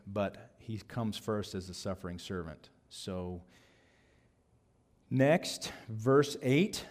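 Male pastor preaching through a passage, measured and halting, plenty of ums and restarts. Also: mid-range voice, a little mellow. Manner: thoughtful, halting, many fillers and restarts. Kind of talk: expository sermon.

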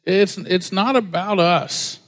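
A man's voice: high voice, takes it slowly, fairly bright tone. A man pastor preaching a sermon in a casual, storytelling way, acting out the voices of people he quotes. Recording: long hall reverb.

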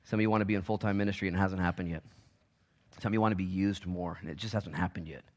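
Animated pastor preaching. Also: male voice, low-pitched. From Oregon, United States. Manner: animated, swinging between loud urgency and hushed asides, with quick restarts. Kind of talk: sermon. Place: church.

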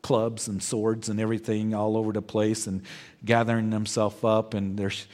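A man preaching a verse-by-verse sermon as pastor, in a slow and deliberate way. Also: fairly low pitch, monotone, darkish tone. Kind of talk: expository sermon.

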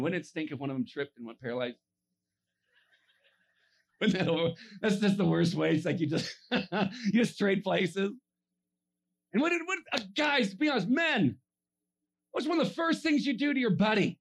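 A man preaching a sermon, telling a story with lively energy, acting out characters in funny voices and laughing often. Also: high voice.

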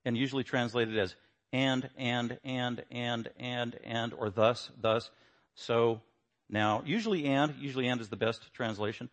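A man teaching a Bible lesson, stressing words and swinging between quiet asides and louder points. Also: medium pitch, steady tone, a little slow.

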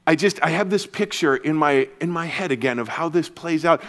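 A man preaching as a pastor to his church, earnest and energetic, dropping to a soft, hushed voice for comforting passages. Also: on the high side, brisk. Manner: earnest, shifts to soft hushed tones when quoting Jesus. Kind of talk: sermon. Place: church service.

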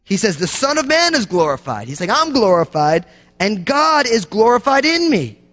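Male pastor, high voice, impassioned sermon delivery that swings from loud emphasis to a hush, echoing sanctuary. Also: very animated, normal speed. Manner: impassioned preaching, swinging from loud emphatic lines to hushed low ones. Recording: long hall reverb.

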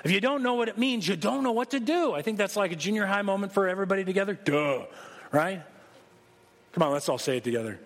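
Pastor, man, high voice, casual joking sermon, long hall reverb. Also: lively intonation, fast talker. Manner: conversational, joking, emphatic preaching.

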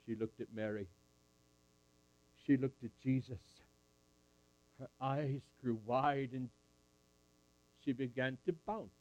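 A man's voice: mid-range voice, slow pace, pauses often, a little mellow, no echo, dull audio. A man at a camp meeting, telling a Bible story in character in the first person and calling up audience volunteers. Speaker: camp speaker.

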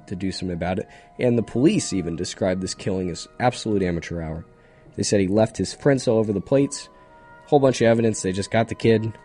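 Rambling young man with a husky voice. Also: fairly low pitch, dark tone. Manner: rambling, jokey, digressive. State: sleep-deprived. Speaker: solo radio show host. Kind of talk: casual solo commentary.

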